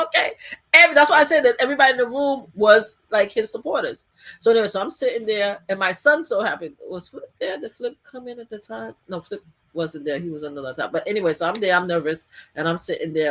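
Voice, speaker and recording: A woman guest, a survivor advocate, tells a story in an animated interview. She laughs often and acts out what people said. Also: fairly low pitch, fast.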